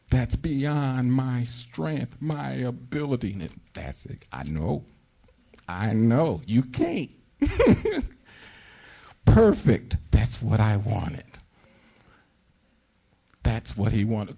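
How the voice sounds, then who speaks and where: A middle-aged man preaching with fervor, his voice low and mellow with a husky edge. He slips into high, pleading prayer voices as he teaches. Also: huge pitch swings, takes it slowly, long pauses. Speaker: pastor. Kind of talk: sermon.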